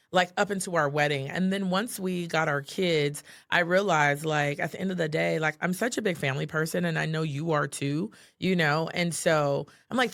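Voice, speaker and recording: A woman's voice: fairly low pitch, a bit bright, no echo, clean studio sound. A woman co-hosting a podcast, telling personal stories in a chatty, heartfelt way, full of "like" and "you know". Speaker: podcast co-host. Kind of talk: casual podcast chat.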